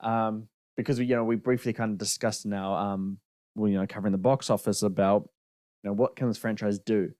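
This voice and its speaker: Low-voiced man in dry podcast chat. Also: steady tone, a little fast, warm tone, no room sound. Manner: opinionated, laughs easily. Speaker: podcast co-host. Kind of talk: casual film chat.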